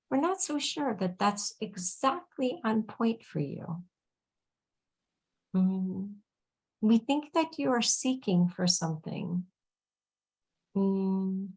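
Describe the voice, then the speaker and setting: A woman channeling on a video call, speaking slowly and soothingly as a collective "we", sometimes dropping to a hushed whisper. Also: medium pitch, poor audio. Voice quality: creaky, husky, drifting into soft whispers. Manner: slow, soothing, speaks as a collective "we", often murmurs "dear one". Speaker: channel giving intuitive readings.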